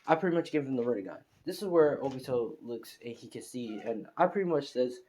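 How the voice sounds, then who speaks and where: A man's voice: mid-range voice, lively intonation, brisk, a little mellow. A man casually narrating an improvised fan story, rambling with heavy fillers and restarts.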